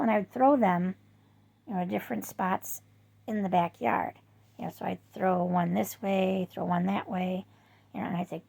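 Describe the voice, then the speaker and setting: A woman, rambling through casual chat to her viewers with lots of fillers, her voice jumping high when she quotes herself. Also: normal speed, creaky, darkish tone. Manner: rambling storyteller with many fillers. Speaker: vlogger.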